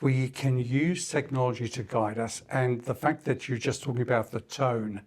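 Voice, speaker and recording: Engaged mid-pitched male podcast host. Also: fairly even intonation, moderate pace, a little mellow. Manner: engaged, affirming, asks reflective questions. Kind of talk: conversational podcast interview.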